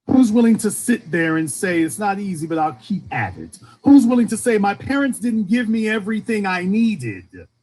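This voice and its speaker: A man's voice: high-pitched, big pitch swings, moderate pace, darkish tone, slightly rough. A man from Louisiana with a faint Southern accent, delivering an impassioned streamed monologue full of repeated rhetorical questions. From Shreveport, Louisiana, US. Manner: rhetorical, repeating questions, rising and falling emphasis. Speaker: commentator.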